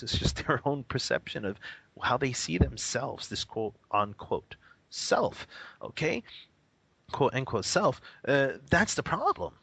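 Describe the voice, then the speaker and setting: A man's voice: medium pitch, lively intonation, normal speed, creaky, bright, forceful tone, dry recording. A man who teaches meditation, explaining things casually in a radio interview. He laughs often and acts out the reactions of the people he quotes. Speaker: Buddhist teacher.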